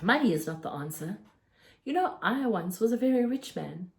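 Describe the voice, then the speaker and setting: A woman reading aloud, voicing a kindly, fussy middle-aged male newsagent who talks in a gentle, fatherly, earnest way. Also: medium pitch, animated, normal speed, vocal fry. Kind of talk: storybook read-aloud.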